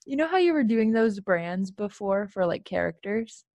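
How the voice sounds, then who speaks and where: A woman's voice: medium pitch, expressive, normal speed, a little mellow, no echo. Woman from California, casual co-host, giggly and talkative, dry close mic. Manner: chatty, laughs often, many fillers. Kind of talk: casual chat.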